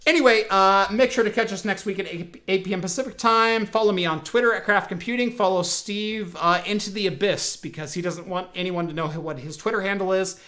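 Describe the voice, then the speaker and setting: High bright-voiced male podcast host. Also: brisk, few pauses. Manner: rambling storyteller with many fillers and restarts. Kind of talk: casual tech podcast chat. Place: home, broadcasting remote.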